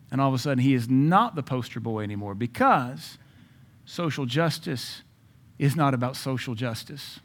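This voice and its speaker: A man preaching a sermon in an emphatic, conversational way, with asides to his listeners and sudden loud rises. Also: mid-range voice, normal speed. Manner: jokes and asides to the audience.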